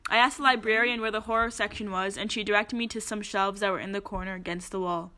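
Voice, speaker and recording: A woman's voice: medium pitch, steady tone, fast talker, bright, forceful tone. A woman reading riddles aloud in casual chat with friends, joking, swearing and laughing often.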